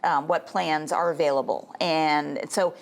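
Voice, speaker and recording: A middle-aged woman, a health policy expert, explaining things in a measured way as a guest on a TV interview show. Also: low voice, steady tone, vocal fry.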